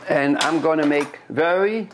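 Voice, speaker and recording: A man's voice: fairly high pitch, unhurried, slight background noise. A man from Europe, a chef, chatting step by step through a cooking demonstration in a kitchen and often repeating his words.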